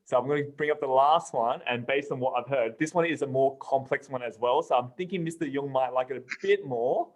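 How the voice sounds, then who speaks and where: A man's voice: medium pitch, brisk, hardly any pauses. A man hosting a podcast, casual and upbeat, laughing often as he leads the conversation. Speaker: podcast host.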